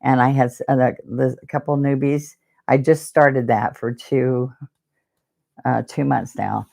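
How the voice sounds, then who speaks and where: Woman, painting teacher, gravelly voice, chatty, live demonstration. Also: rumbling low, fairly even intonation, measured pace, dark tone. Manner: chatty, digressive, talks while demonstrating.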